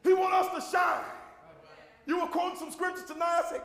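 High-pitched shouting preacher in a hall. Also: male voice, fairly even intonation, a little fast. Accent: Southern American. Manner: preaching with rising shouts, repeating refrains. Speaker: pastor. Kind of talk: sermon. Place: church sanctuary with congregation. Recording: echoey hall recording. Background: congregation responses.

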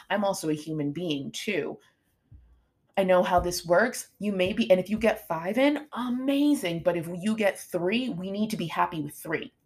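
A middle-aged woman fitness coach hosting a podcast, talking casually and motivationally, acting out what her students say. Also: fairly low pitch. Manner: chatty, animated, acts out her students' lines.

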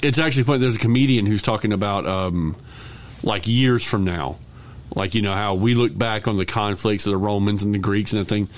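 Joking, profane podcast guy. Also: on the low side. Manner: profane, joking, quick to laugh. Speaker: podcast co-host. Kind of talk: casual movie review chat.

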